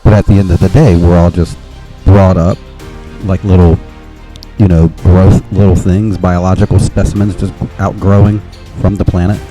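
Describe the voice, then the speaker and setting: A man's voice: sits low, level tone, moderate pace, dark tone, soft background music. A man hosting a podcast, talking in a rambling casual monologue with restarts and nervous little laughs. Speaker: podcast host.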